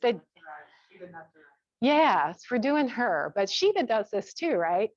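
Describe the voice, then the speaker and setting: A woman teaching a gentle yoga class, cueing each step with relaxed, chatty asides. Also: on the high side, takes it slowly, dry recording. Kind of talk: guided yoga class instruction. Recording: dull, dry lo-fi sound.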